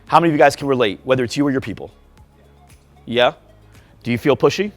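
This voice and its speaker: A man's voice: medium pitch, quick pace, faint music behind. A man speaking at a live workshop, firing rhetorical questions and drilling the audience in a punchy, repetitive way. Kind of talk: live seminar talk to an audience. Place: event room before a live audience.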